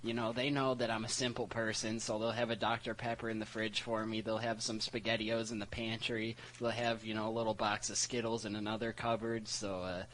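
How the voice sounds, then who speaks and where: Young male co-host, easygoing, low-pitched, faint hum behind. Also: flat delivery, brisk, few pauses, fairly bright tone, low-quality recording. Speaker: radio co-host. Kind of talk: casual chat and read sports history notes.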